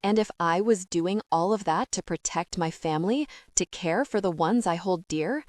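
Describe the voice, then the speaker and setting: A woman voicing a ruthless, smug, middle-aged mafia boss in an audiobook, speaking in low, menacing taunts. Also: moderate pace, a little mellow, no echo, studio quality, natural voice. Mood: taunting. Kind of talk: audiobook character reading.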